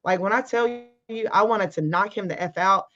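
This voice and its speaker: A woman's voice: medium pitch, moderate pace, a bit bright, highs cut off. A woman guest telling a personal story in casual, emphatic talk, acting out the arguments she quotes. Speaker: interview guest.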